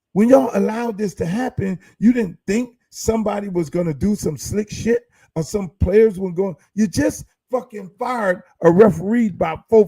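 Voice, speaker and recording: A man with a high, gravelly voice hosts his podcast and rants hard, full of swearing and one rhetorical question after another. His tone is dark and mellow, and the recording sounds dry and close. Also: no echo. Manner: profane, heated, rhetorical. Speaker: podcast host. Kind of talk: casual ranting commentary.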